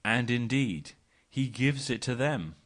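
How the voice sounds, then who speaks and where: A man giving a measured audiobook reading of a philosophy text, speaking the punctuation aloud as quote and paren. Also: medium pitch, animated. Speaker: audiobook reader.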